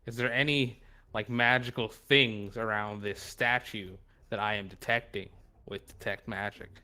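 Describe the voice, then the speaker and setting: A man's voice: fairly low pitch, fairly even intonation, normal speed, pushed and bright. A man playing a tabletop game, joking playfully and laughing through his lines. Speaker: player. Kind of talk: casual tabletop game chat.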